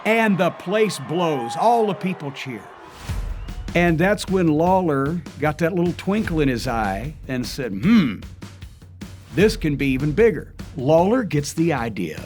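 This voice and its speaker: An older man and wrestling historian recounting events as an animated, vivid storyteller. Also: fairly high pitch, a little slow, soft background music. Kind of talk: storytelling interview.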